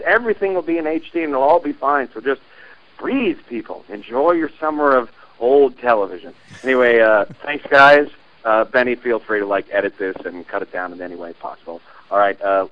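A man's voice: medium pitch, highs cut off. A man from Oregon leaving a rambling, laid-back voicemail for a podcast. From Oregon, USA. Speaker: caller. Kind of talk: casual voicemail.

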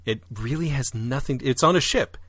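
A man co-hosting a podcast, chatting casually and with animation about musicals, with quick jumps up in pitch for asides. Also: a bit bright, slightly rough, no echo, studio quality. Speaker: podcast co-host.

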